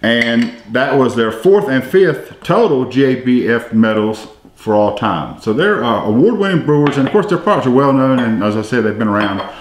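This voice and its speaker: A podcast host runs a casual beer-tasting show, chatty and easygoing as he reads brewery tasting notes aloud. His medium-pitched voice is expressive, at normal speed with few pauses, and the echoey-room recording has a little hiss or hum.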